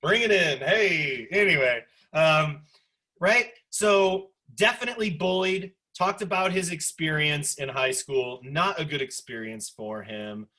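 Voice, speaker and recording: Forties man, instructor, bright and husky voice, lively asides, video call. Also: a little high, unhurried. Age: 40s. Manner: animated, chatty, lots of asides. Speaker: sociology instructor. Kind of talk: online class discussion lecture.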